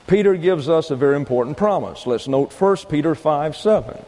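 A man's voice: on the high side, lively intonation, mellow, big-room sound, rough recording. A man preaching a sermon, teaching point by point and reading out scripture verses. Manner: deliberate teaching with numbered points and read-out verses. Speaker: pastor.

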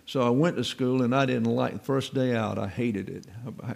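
A man teaches the Bible in a relaxed, folksy way, mixing in wry stories from his own life. His voice is gravelly and sits at an ordinary mid pitch. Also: normal speed, few pauses. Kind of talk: informal Bible teaching with personal anecdotes.

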